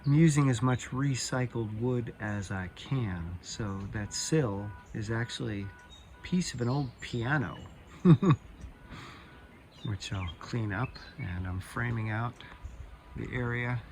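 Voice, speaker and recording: A man talks through a candid, reflective vlog with a cheek still swollen from oral surgery. His voice sits at an ordinary middle pitch. A faint outdoor hum runs underneath as he chats while working. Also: lively intonation, slow pace, long pauses. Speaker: vlogger. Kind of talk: casual vlog narration. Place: outdoors and around a house under renovation.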